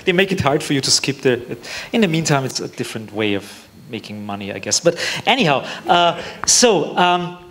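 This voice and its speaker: A man's voice: fairly high pitch, big pitch swings, brisk, hardly any pauses, fairly bright tone, a little hiss or hum. A man with an Austrian accent moderating a panel, hesitant and searching for words, laughing along.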